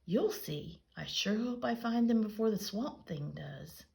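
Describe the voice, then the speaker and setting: A woman's voice: medium pitch, lively intonation, unhurried, gravelly, mellow, voice pushed up. A woman voicing a worried young boy aardvark who is babysitting, talking in a nervous, earnest way.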